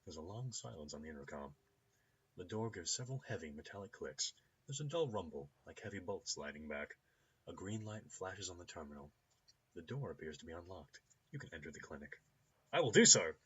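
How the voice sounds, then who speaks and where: A man's voice: low-pitched, expressive, a little fast, husky, muffled recording. A man hosting a let's play, reading the game's narration aloud. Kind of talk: reading game text aloud.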